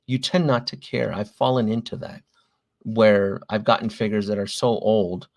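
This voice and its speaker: Low-voiced chatty collectibles streamer man. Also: fairly even intonation, moderate pace. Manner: rambling, chatty, apologetic. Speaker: host of a collectibles livestream. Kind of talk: casual livestream chat.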